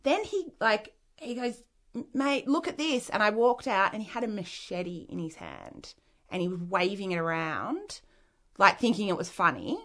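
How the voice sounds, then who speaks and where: A woman's voice: mid-range voice, big pitch swings, moderate pace, a bit bright. A woman with an Australian accent, an interview guest telling a personal story in a frank, rambling way with many "like" fillers.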